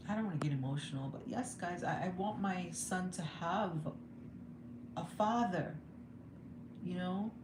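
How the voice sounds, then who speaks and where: On a casual livestream from a room at home, this young woman vlogger talks a little slowly and pauses often, her voice on the low side. She vents candidly and emotionally, laughing at times, and the audio is echoey with noise behind it.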